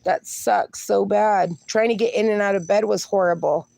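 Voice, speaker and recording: With a gravelly, warm, medium-pitched voice held steady at a moderate pace, this livestream host chats outdoors alongside her dogs. She reads out viewers' comments and slips into baby talk for her pups, and there's no room sound.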